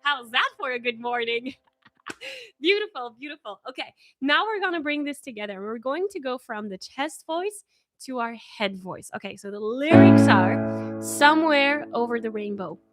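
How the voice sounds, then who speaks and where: A woman leading a live-streamed singing warm-up as a vocal coach, encouraging and upbeat, praising her viewers often. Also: on the high side, lively intonation, moderate pace, music in the background. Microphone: in front of her own camera.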